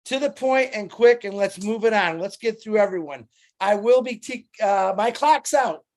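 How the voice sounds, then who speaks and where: A man co-moderating a video-call webinar in a brisk, direct way. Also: high-pitched, lively intonation.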